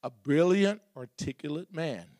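A man's voice: fairly high pitch, expressive, unhurried, a little mellow, dry recording, clean studio sound. A man preaching a sermon as pastor, building repeated refrains and asking the congregation questions.

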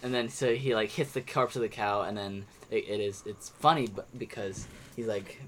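A man's voice: fairly low pitch, normal speed, a little hiss or hum. A young man chatting casually on a podcast about movies he watched, rambling with many restarts and fillers. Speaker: podcast co-host. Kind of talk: casual movie review chat.

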